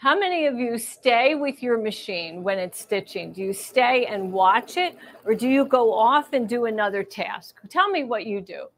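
A woman's voice: fairly high pitch, animated, moderate pace, few pauses, a bit bright, a little hiss or hum. A middle-aged woman teaching machine embroidery in a live demonstration, chatty and reassuring, thinking aloud as she works.

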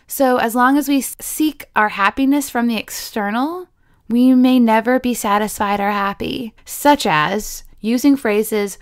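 Lively woman teaching a casual lesson. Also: on the high side, unhurried, no room sound, clean studio sound. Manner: lively and chatty, laughing often; slips into playful quoted voices. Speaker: yoga teacher and podcast host.

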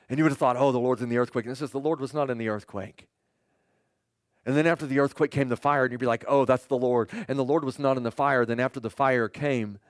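Preaching with lively storytelling, this middle-aged pastor voices the people he quotes, swinging from abrupt rises to hushed drops. He speaks in a mid-range voice, captured dry and clean in a studio.

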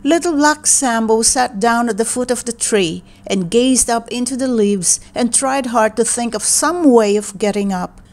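Slow, gentle woman reading a storybook. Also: fairly high pitch. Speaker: read-aloud narrator.

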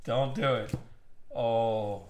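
Excitable man hosting a live card break. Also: medium pitch, extremely slow, noisy background. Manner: excitable, teasing, laughs often. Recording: roomy echo.

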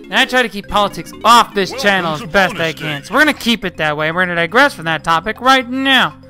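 A man talks through a video game in a loose, chatty way, scolding the characters on screen and cursing mildly when things go wrong. His voice has a bright, forward edge, with faint game music underneath. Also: high voice, lively intonation, a little fast. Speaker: gameplay commentator. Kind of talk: casual let's-play commentary.

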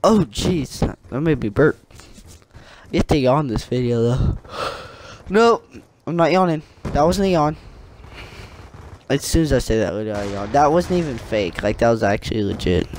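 Excitable young gamer with trash talk. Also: male voice, medium pitch, unhurried, pauses often, poor audio. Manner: excitable, jokey trash talk with sudden yelps. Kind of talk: gameplay commentary. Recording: faint gunfire and game noise. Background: gunfire from the game.

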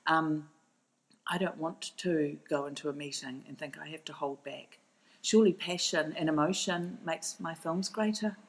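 A woman with a New Zealand accent and a low, steady voice answers interview questions with heat and conviction. She is middle-aged and often restarts her sentences as she presses her point. She speaks about her work as a documentary filmmaker. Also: moderate pace, rough recording. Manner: passionate, emphatic, many restarts. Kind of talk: podcast interview.

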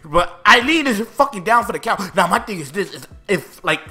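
Young guy hyping up a manga chapter, high bright voice, swearing and slang everywhere. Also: moderate pace, soft background music. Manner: animated, excitable, heavy slang and swearing. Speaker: anime and manga reviewer. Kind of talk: casual chat.

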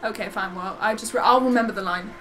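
A woman chatting excitedly while playing a game on a live stream, gasping and giggling and reading game text aloud. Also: mid-range voice, fast, faint music behind, rough recording. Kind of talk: casual live-stream chat.

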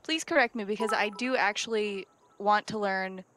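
A woman's voice: medium pitch, normal speed, a bit bright. Playful woman co-hosting a game stream. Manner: playful, teasing, reads chat messages aloud. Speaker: co-host of a game livestream. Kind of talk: casual gaming stream chat.

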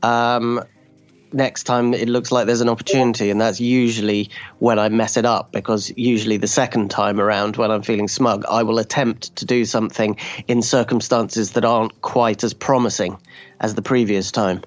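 A man's voice: on the low side, flat delivery, moderate pace, highs cut off. A man, a guest trader on a podcast, talking casually in a reflective, self-deprecating way. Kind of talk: casual chat.

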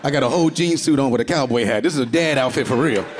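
A man's voice: mid-range voice, racing, background noise. A man in his forties doing stand-up on a theater stage, loose and profane, laughing through his lines. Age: 40s. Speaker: stand-up comedian. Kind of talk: stand-up comedy set.

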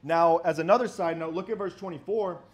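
A man with a notably high-pitched voice delivers an emphatic, argumentative sermon. He poses rhetorical questions and reads old-style scripture passages aloud. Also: a little fast, highs cut off. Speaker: preacher.

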